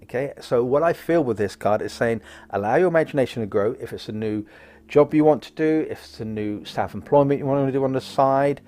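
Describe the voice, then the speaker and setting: Bloke reading oracle cards, rambles on, cracks jokes, average pitch voice. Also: male voice, a little fast, warm tone. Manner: rambling, jokey, goes off on tangents. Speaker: psychic card reader, host. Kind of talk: casual oracle card reading chat.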